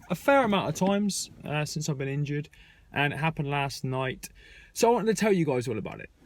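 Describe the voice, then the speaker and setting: A man's voice: a little high, slight background noise. A young man in a frank, conversational rant, telling a story to his viewers. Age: young adult. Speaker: vlogger. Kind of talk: casual spoken rant. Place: airport terminal.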